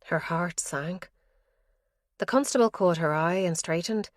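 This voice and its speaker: A woman with a lowish voice reads a crime thriller in a measured, even way. She is close to the mic and the sound is dry, with no room around it. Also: no room sound. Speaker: audiobook narrator. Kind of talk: scripted narration.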